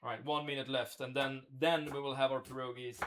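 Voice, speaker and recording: A man livestreams himself cooking at home in his kitchen, chatting with viewers and thinking out loud in casual commentary. His mid-range voice stays level and runs a little fast, with some background noise in the recording.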